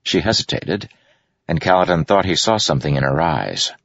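Very deep, gravelly male audiobook narrator. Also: expressive, moderate pace, a bit bright, dry recording, dull audio. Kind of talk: scripted narration.

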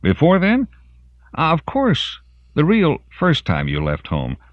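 A man's voice: fairly high pitch, huge pitch swings, slow pace, no room sound, dull audio, voice pushed up, full character voice. A man voicing a relentless male interrogator who presses with needling questions.

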